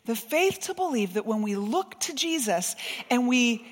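Woman preacher, sermon, high voice, expressive, soft to emphatic, long hall reverb. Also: unhurried.

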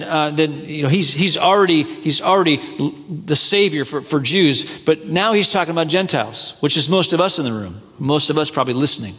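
A man preaching a sermon, rising to excited peaks and then falling soft and low. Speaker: pastor. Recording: echoey hall with long reverb.

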